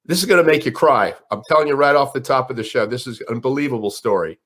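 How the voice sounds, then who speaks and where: An older man, a guest on an interview show, telling a story in a dramatic, animated way. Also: medium pitch, fast talker. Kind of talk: storytelling in conversation.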